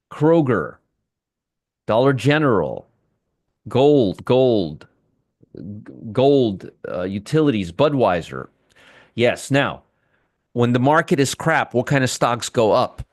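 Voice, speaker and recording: A man's voice: medium pitch, sing-song, slow pace, long pauses, no room sound, studio quality. A man hosting a live trading room, commenting on the market with heavy sarcasm, restarting and trailing off as he works his screens. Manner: sarcastic, talks to viewers and chat.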